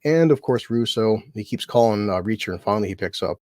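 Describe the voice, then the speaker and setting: A man's voice: on the low side, expressive, quick pace, darkish tone, no echo, clean studio sound. A man hosting a casual show recap chat, rambling and swearing, acting out lines from scenes. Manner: rambling, profane, acts out scene quotes. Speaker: podcast host.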